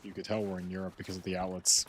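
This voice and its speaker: A man's voice: low voice, completely flat delivery, racing, slight background noise. A young American man streaming a game, rambling and joking casually as he plays. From United States. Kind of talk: casual gameplay commentary.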